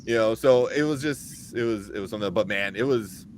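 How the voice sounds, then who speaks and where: Excitable swearing man reviewing a movie. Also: fairly low pitch, a little fast, a little hiss or hum. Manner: excitable, swears freely, retells scenes in quoted voices. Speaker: podcast co-host. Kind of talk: casual movie review chat.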